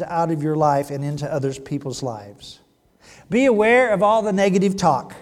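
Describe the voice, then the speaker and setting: High-voiced teasing pastor preaching. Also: male voice, normal speed. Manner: playful, teasing, swings from loud to hushed. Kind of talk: sermon. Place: church sanctuary.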